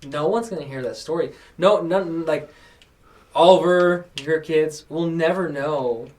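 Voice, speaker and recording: Young male podcast host, casual storyteller who voices the people he quotes, slightly raised pitch, sits back from the mic. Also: unhurried, a little mellow, far from the mic. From New Mexico. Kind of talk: casual chat.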